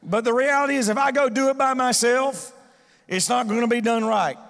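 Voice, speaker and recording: A man's voice: extremely high pitch, a little fast, gravelly, a bit bright, big-room sound. A male pastor preaching a sermon, calling on the congregation to answer back and repeat his words. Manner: preaching with call-and-response to the congregation. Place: church sanctuary.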